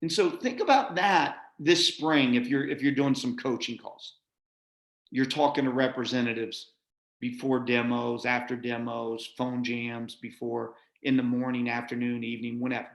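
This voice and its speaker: A man's voice: medium pitch, steady tone, normal speed, creaky. A middle-aged man giving a folksy, motivational sales-training talk, often checking in with his listeners. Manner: folksy, repeats "right?" often. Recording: echoey room.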